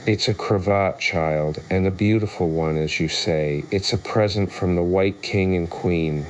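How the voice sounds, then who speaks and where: A man's voice: deep voice, slight background noise. A man voicing a pompous, touchy egg-shaped figure who argues loftily and takes offence easily. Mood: lofty. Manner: lofty, argumentative, quick to take offence.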